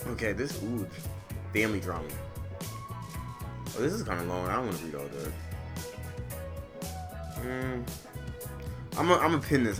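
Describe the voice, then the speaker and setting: Male streamer, low voice, reads stories and rants profanely, with game music under him. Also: moderate pace, long pauses. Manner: profane, loud, animated ranting. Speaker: streamer reading and reacting to online stories. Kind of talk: casual gaming commentary with rants. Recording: gameplay music behind the voice.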